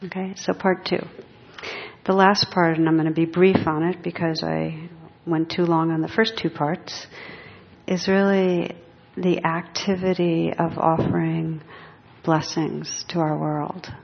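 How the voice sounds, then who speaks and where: Low gravelly-voiced woman meditation teacher. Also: level tone. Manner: gentle, unhurried and reflective. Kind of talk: dharma talk. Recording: dull lo-fi recording.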